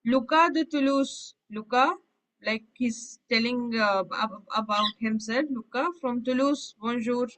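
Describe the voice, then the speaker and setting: Higher-voiced woman teaching French. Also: measured pace, fairly bright tone, low-quality recording. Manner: explains each French phrase in English. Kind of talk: online language class explanation.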